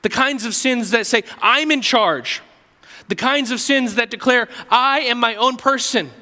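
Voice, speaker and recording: A male pastor preaching with a high, bright voice. He drops soft for quoted prayers and rises to earnest exhortation. The sound rings with the long reverb of a church hall. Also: a little slow. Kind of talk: sermon.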